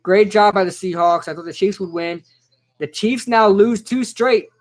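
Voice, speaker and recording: A young man casually reacting live to a football game, chatting with viewers and shouting out their names. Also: high voice, normal speed. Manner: excitable, chatty, reads out chat names. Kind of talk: casual live-stream commentary.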